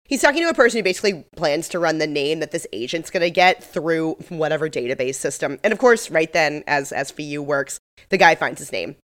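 A woman co-hosting a podcast, chatting through an episode recap. Her voice sits on the low side yet bounces widely. She throws in joking asides. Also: lively intonation, a little fast, fairly bright tone. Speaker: podcast co-host. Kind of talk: casual recap chat.

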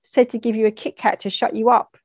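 A man's voice: high-pitched, level tone, brisk, dry recording, clean studio sound. A woman doing a crude, jokey driver. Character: crude jokey heavyset man around forty.

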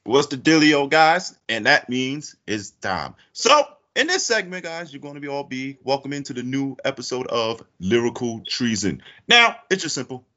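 A man hosting a podcast comedy segment as a mock judge, playful and theatrical, jumping high for emphasis. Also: very animated, moderate pace, hardly any pauses, sharp tone. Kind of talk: animated casual banter, mock courtroom bit. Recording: dull lo-fi audio.

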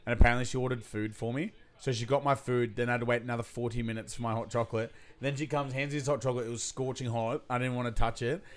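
Young Australian man, co-host, casual storytelling, laughs a lot, swears, mid pitch. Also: fairly even intonation, fast talker, hardly any pauses. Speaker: podcast co-host. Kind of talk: casual chat.

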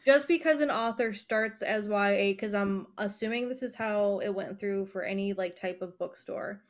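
A woman co-hosts a relaxed chat about books. She speaks bluntly, swears freely and often restarts mid-sentence. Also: medium pitch, normal speed. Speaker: podcast co-host. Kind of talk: casual book chat.

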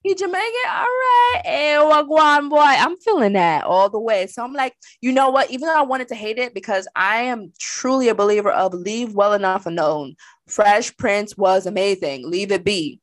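A woman's voice: mid-range voice, normal speed, no room sound. Sassy woman co-host, casual pop chat, dry close sound. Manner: sassy, animated, colloquial.

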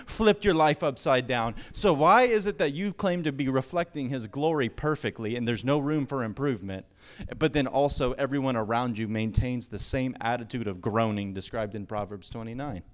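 A male pastor delivering a sermon at a middle pitch, his voice swelling and pushing forward on key lines. He preaches with emphatic, building energy, pressing each point home. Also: moderate pace. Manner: emphatic, rising to excited exclamations.

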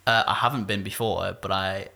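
A man's voice: low voice, fairly even intonation, fairly quick, vocal fry, sharp tone. A man co-hosting a podcast in a rambling casual chat, full of fillers. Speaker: podcast co-host; musician.

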